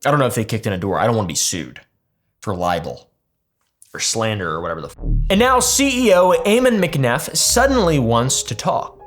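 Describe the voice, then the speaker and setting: A man hosting a commentary video, telling a story casually with sarcastic asides and swearing. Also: a little high. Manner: sarcastic asides, swears, restarts mid-sentence. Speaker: commentary channel host.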